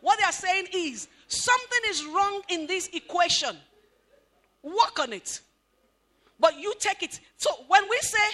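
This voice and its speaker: A woman giving an animated talk at a couples' marriage seminar, questioning the audience and acting out what spouses say. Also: very high-pitched, unhurried. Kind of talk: lively motivational talk to an audience.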